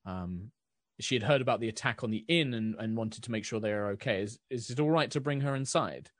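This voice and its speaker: A man's voice: fairly low pitch, fairly quick, no echo, clean studio sound, lightly acted. A man playing a hesitant, dutiful knight. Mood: deferential. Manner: deferential, hesitant. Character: dutiful male knight messenger.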